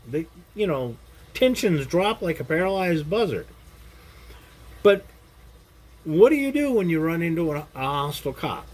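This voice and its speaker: Teaching self-defense straight to camera, this middle-aged or older man is salty and blunt, frequently asking "Okay?" to check in after each point. His voice sits on the high side, sing-song and unhurried, with frequent pauses.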